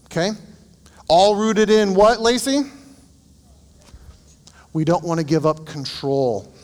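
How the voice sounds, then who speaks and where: A man's voice: sits high, lively intonation, slow, a little mellow, big-room sound. A man working as a counselor, teaching a group in a casual, anecdotal way and asking them questions. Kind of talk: conversational teaching.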